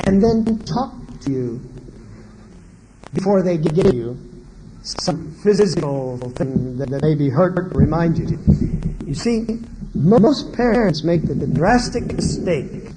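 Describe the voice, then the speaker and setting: In a marriage seminar lecture, a man with a high voice animatedly fires question after question at the audience and acts out the words of parents and children. There's a noisy background behind the speaker.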